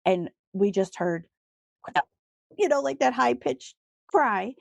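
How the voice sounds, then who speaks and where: A woman's voice: fairly high pitch, lively intonation, takes it slowly, gravelly, dry recording. A woman co-hosting a casual podcast, chatty and storytelling, laughing easily and swearing now and then. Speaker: podcast co-host. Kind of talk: casual chat.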